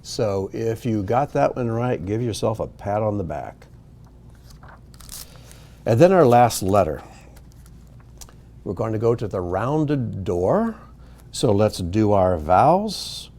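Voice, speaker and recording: A man teaching a recorded language lesson, talking slowly and patiently. His low voice moves up and down a lot. He pauses on "um" and corrects himself now and then. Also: sing-song, dark tone. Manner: patient, explanatory, with fillers and self-corrections. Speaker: Hebrew teacher.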